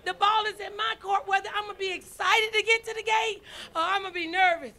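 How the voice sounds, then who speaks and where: Her voice very high and her pace fast, a woman preaches to the congregation in her role as the church's first lady. She shifts from quiet pleas to loud exhortation and addresses the people directly, though her intonation stays fairly even.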